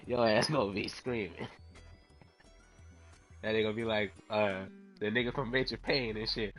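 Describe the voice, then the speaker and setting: A man streaming a fighting game, telling stories in a loud, profane, laughing way. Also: lowish voice, moderate pace, pauses often, soft background music. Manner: profane, laughing, animated storytelling. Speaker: gaming streamer. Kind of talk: casual commentary while playing.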